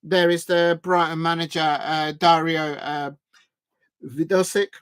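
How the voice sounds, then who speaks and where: A man's voice: a little high, steady tone, measured pace, clear, resonant tone, no echo. A man hosting a live fan watch-along, commentating casually with many fillers and restarts and chatting with viewers. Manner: chatty, reads out and thanks viewers. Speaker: fan stream host.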